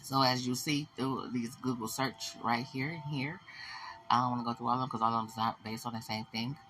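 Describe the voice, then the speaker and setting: A woman hosting a celebrity gossip show, blunt, animated and profane. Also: rumbling low, brisk, slight background noise. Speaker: host.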